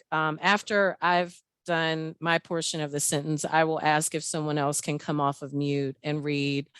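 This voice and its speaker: A woman's voice: on the low side, a bit bright, clean tone, no room sound. A woman presenting a training webinar over a video call, explaining an exercise step by step and laughing often.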